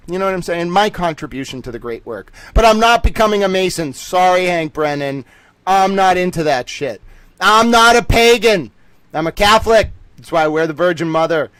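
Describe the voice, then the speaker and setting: A high-pitched man hosts his livestream in a rapid, excitable rant, sometimes breaking into yells. His voice sits close and dry on the mic. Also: no echo. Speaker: livestream host.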